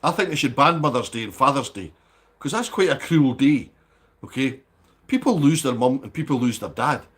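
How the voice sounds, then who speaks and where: Male streamer, slightly raspy, animated delivery, casual banter with chat. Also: medium pitch, normal speed. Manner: chatty, banters with viewers by name. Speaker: live streamer host. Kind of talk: casual livestream chat reading viewer comments.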